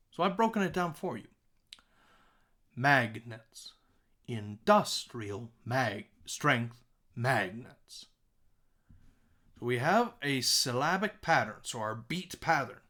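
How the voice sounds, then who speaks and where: Animated male music teacher. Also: on the high side. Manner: animated, emphatic speaking of example lines; restarts and self-corrections while explaining. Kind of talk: songwriting lesson.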